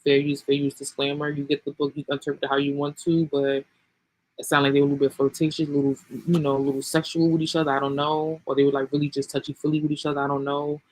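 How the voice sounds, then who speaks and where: A man's voice: a little high, monotone, fast talker, poor audio. A man hosting a channel, casually reading a book aloud and adding his own commentary, often saying um and you know.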